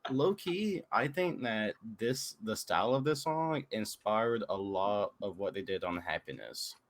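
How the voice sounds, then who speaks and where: A man's voice: fairly low pitch, expressive, a little slow. A young man hosting a casual online podcast chat, laid-back, with frequent fillers and swearing. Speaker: podcast host.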